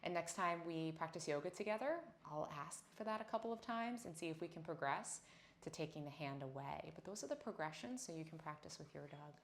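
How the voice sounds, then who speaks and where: A woman teaching a dog yoga class, speaking gently and encouragingly, with frequent praise for her dog. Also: sits low, lively intonation, brisk, slight background noise. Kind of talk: instructional class talk. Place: indoors on a yoga mat.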